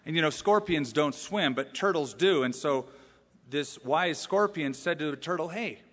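Male pastor, sermon, conversational with rhetorical questions. Slightly high voice, long hall reverb. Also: expressive, normal speed, a bit bright.

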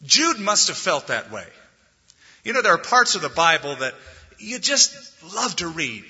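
A man pastor delivering a sermon, telling stories with animated delivery and rising loudly when quoting scripture. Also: a little high, a little slow, slightly rough. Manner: animated storytelling, swelling loud on scripture quotes. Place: church sanctuary. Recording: dull lo-fi recording in a reverberant hall.

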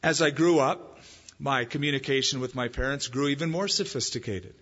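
A man preaching a sermon as pastor, in a conversational style with lively emphasis. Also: medium pitch, moderate pace, slightly rough. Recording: muffled, echoey hall.

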